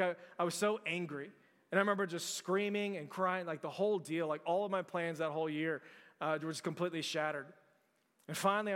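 A man's voice: fairly high pitch, fairly bright tone, clean tone, in a large hall. A man in his forties from Texas, preaching a sermon as pastor in a conversational storytelling way, often restarting his sentences.

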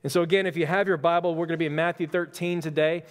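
A man, a pastor, giving a relaxed, conversational sermon with self-deprecating stories. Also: a little high, very fast. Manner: casual, storytelling, self-deprecating humor. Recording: long hall reverb.

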